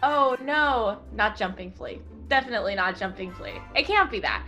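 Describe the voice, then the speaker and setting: A young woman as a guest on a casual quiz, talking in an animated way, laughing often and shrieking when she gets answers wrong. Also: mid-range voice, normal speed, faint music behind. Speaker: guest musician.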